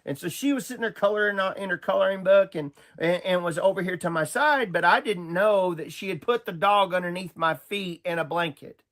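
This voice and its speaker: A man's voice: high voice, brisk, few pauses, a bit bright. A man from Oklahoma rambling through a personal testimony, often repeating himself and stumbling over his words. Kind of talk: storytelling testimony.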